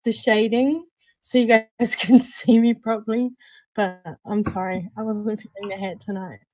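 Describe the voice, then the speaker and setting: A woman's voice: mid-range voice, little pitch movement, normal speed, darkish tone, dry recording. A woman hosting a casual live vape review stream from home, chatty and laughing often. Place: at home, indoors at night.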